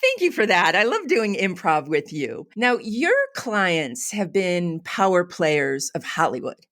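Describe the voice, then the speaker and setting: A woman's voice: fairly low pitch, very animated, measured pace, a bit bright. A woman hosting a writers' podcast, interviewing her guest in an encouraging, easily amused manner. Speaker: podcast host.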